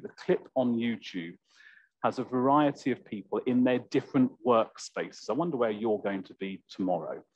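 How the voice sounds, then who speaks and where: A man preaching a sermon in church, slow and reflective, with a slightly croaky voice. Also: medium pitch. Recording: dull, lo-fi church recording.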